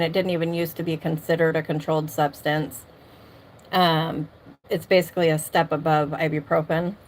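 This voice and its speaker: A middle-aged woman casually chatting on a livestream from her home, laughing often and greeting viewers by name. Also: on the low side. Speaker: livestream host. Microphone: streaming mic.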